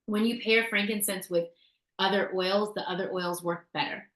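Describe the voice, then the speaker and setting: With a medium, fairly bright voice, even intonation and normal speed, this podcast co-host chats casually about essential oil tips. She tells a story with fillers and restarts, and the room gives the recording an echo.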